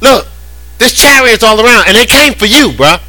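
A panicking young male servant, exasperated and disbelieving, who pleads in casual slang with a bright, lively voice, as a preacher acts him out in a sermon. His pitch jumps around and his tone rings sharply. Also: brisk, no room sound, full character voice, low-quality recording. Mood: panicked.

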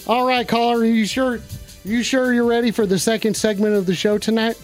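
Male comic call-in host: brash, profane, high-pitched announcer energy. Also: steady tone, fairly quick, faint music behind. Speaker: host of a joke call-in show. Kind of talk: comic stream call-in bit.

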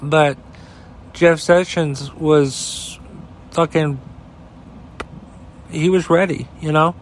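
A man's voice: fairly high pitch, steady tone, very slow, slight background noise. A man, hosting a heated, profane opinion rant that rambles. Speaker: podcast host.

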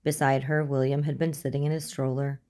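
Low-voiced woman narrating a story. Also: little pitch movement, a little fast, a little mellow. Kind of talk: audiobook narration.

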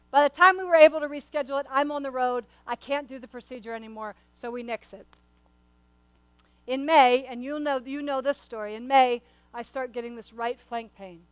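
A woman's voice: high voice, smooth, dry recording, low-quality recording. A middle-aged woman pastor preaching a sermon and telling a personal story to her congregation. She talks in an earnest, conversational way and often repeats and restarts her words. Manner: speaks to the congregation directly.

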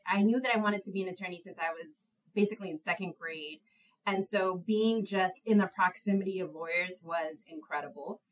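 A young woman, a guest in an interview, telling stories in an animated way with frequent laughter at herself. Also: low-quality recording. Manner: animated storyteller, laughs at herself, high light voice. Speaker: guest, attorney. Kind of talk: conversational interview.

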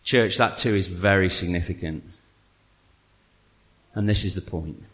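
A man preaching a sermon to a congregation, telling the story with animated energy and then dropping to a quiet, earnest appeal. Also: deep voice, unhurried. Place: church hall. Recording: long reverb of a large hall.

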